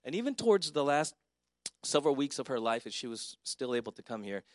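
A man's voice: mid-range voice, very animated, fairly quick, dry recording, studio quality. A middle-aged man, a pastor, giving a personal, conversational eulogy at a memorial service. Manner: conversational, warmly personal, with filler words.

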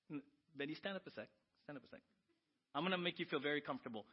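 A pastor preaching a sermon, swinging between loud, urgent questions and quiet, confiding asides. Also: male voice, fairly high pitch, animated, racing, husky, lo-fi sound.

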